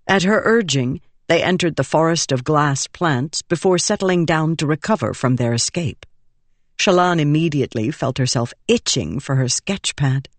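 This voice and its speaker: A woman reading a fantasy audiobook in measured, expressive narration. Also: deep voice, no echo.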